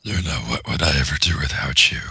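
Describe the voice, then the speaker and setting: A man voicing a solar goddess empress in a deep, guttural demon voice, reading a comic aloud with voices. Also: fast talker, sharp tone, breathy edge, dry recording, exaggerated voice. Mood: calm.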